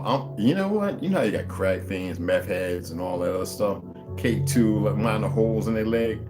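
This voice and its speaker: A man hosting a casual stream from home, talking straight to his viewers in a loose, profane, animated way before reading a book aloud. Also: on the low side. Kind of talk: casual livestream chat. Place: home room.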